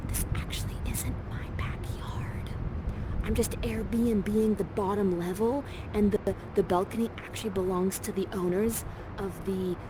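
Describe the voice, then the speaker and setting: A woman leads her scene partner with playful chatter and warm encouragement, speaking at an everyday pitch. She is in a ground-floor rental with the door open, and street noise comes in clearly behind her. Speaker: actor and guide of a live virtual theater session. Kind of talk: interactive theater hosting.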